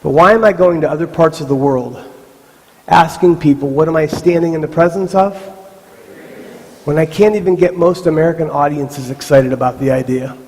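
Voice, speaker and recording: Animated high-voiced man in a reverberant hall. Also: normal speed. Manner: animated storytelling with voiced asides. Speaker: motivational speaker. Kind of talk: live motivational talk to a youth camp. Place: large hall with live audience. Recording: stage mic in a reverberant hall.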